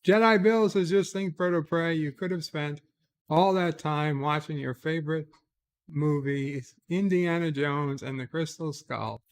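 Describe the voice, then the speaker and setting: Male stream host, a bit high-voiced, unhurried, reads viewer chat and reacts with relaxed asides, lots of "uh". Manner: reads chat comments aloud and replies offhand, frequent "uh" hesitations. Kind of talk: casual late-night live stream chat.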